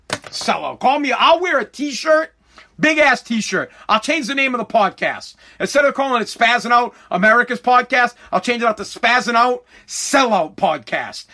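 A man's voice: very high voice, expressive, fairly quick, pushed and bright. A man hosting his podcast, ranting in a profane, emphatic way, repeating lines for effect and acting out imagined conversations. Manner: acts out imagined dialogue. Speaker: podcast host.

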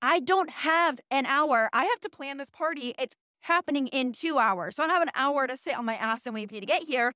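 A woman in her early twenties, hosting a podcast, tells a story in a casual, animated, profane and self-mocking way. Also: high voice, fairly quick, few pauses, no room sound, clean studio sound. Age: early 20s. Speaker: podcast host.

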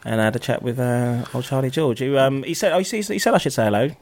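A man chatting casually in a relaxed, halting way, with frequent pauses and fillers. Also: medium pitch. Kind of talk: casual chat.

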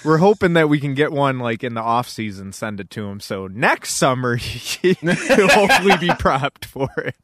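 A man's voice: medium pitch, very animated, normal speed, few pauses, a bit bright. A young man chatting casually as a podcast co-host, laughing often and swearing freely as he rambles through stories. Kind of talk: casual chat.

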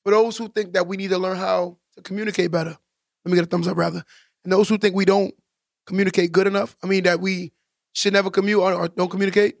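A man's voice: high voice, little pitch movement, quick pace, vocal fry, dry recording, clean studio sound. A man co-hosting a casual podcast, talking emphatically and preachily, repeating points for stress. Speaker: podcast co-host.

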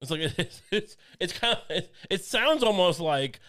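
A man's voice: high voice, animated, normal speed, sharp tone. A man co-hosting a podcast in casual chat, rambling and joking with crude asides and frequent restarts. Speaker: podcast co-host.

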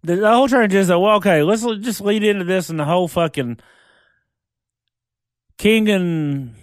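A man's voice: sits high, lively intonation, moderate pace, pauses often, no room sound. A man guesting on a podcast, talking bluntly and profanely with strong opinions in casual chat into a close mic.

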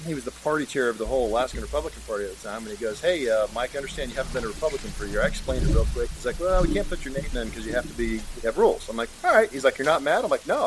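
A middle-aged man telling a story in a casual interview, animated and acting out the voices of people he quotes. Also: medium pitch, slight background noise, poor audio. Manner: animated, acts out quoted voices, chuckles often. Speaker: guest, state senator.

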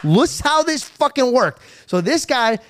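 Animated young man telling wild stories. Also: extremely high pitch, moderate pace, slight background noise. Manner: animated, acts out voices in retellings, swears freely. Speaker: podcast host. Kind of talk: casual storytelling chat. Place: podcast studio.

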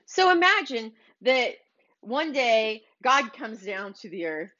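A woman's voice: a little high, sing-song, takes it slowly, bright, forceful tone. A woman hosting a podcast, giving an earnest motivational monologue and speaking straight to her listeners. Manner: earnest, exhorting, direct address to listeners. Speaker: podcast host. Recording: dull lo-fi recording.

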